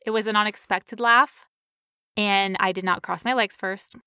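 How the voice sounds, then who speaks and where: A woman co-hosting a podcast, telling a story in casual chat with animated, playful quoted voices. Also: mid-range voice, moderate pace, clear, resonant tone, no room sound, clean studio sound. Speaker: podcast co-host.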